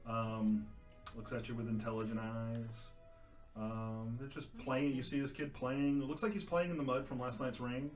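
Laid-back male game master, mid-pitched, rambling narration, echoey room. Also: moderate pace, soft background music. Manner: relaxed, rambling, many fillers and hedges.

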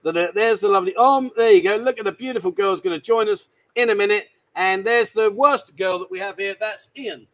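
In a bar, a man runs a livestream full of casual banter, teasing and rambling as he goes. His voice is high and fairly bright, and he talks briskly with few pauses, though the audio quality is poor.

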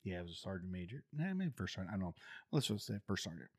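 Racing along in a husky, low-pitched voice, a middle-aged man who was once a Marine tells casual stories. He's animated, laughs often and mimics the voices of those he quotes.

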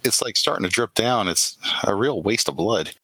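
A man narrating as game master of a tabletop role-playing game, talking in a loose, halting way full of fillers. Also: on the low side, lively intonation, pushed and bright, husky, dry recording, low-quality recording. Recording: music playing behind.

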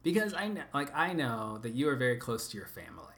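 A male interviewer asks loose, probing follow-ups in a casual chat. His voice sits mid-range and sounds bright, and he laughs along often. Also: medium pitch, very animated, fast.

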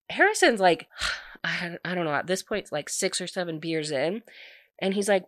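Chatty woman recapping a story, lower voice, dry close sound, casual. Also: expressive, measured pace, no room sound. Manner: chatty, peppered with "like", laughing asides.

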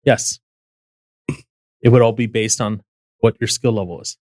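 A man's voice: on the low side, steady tone, unhurried, darkish tone, dry recording. A man hosting a casual political talk, explaining things step by step with frequent restarts. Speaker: podcast host.

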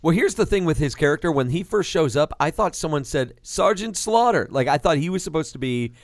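Brief: male podcast host, lively slightly high voice, dry close mic, casual movie talk. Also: fairly quick, dry recording. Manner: animated, laughs often, swears casually. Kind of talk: casual movie review chat.

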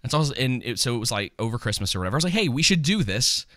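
A man's voice: mid-range voice, big pitch swings, racing, a bit bright, dry recording, studio quality. A man co-hosting a podcast, chatting casually about movies in a rambling, joking way with lots of ums and restarts. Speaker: podcast co-host.

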